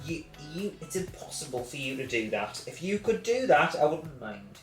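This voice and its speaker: A man's voice: fairly high pitch, big pitch swings, normal speed, soft background music. A man chatting casually on a vlog, teasing and playful. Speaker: vlogger. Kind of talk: casual chat. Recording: echoey room.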